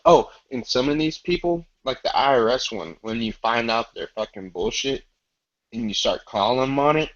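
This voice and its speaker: A man's voice: mid-range voice, expressive, normal speed, a bit bright, dull audio. A man telling stories in casual chat, loose and profane, often laughing.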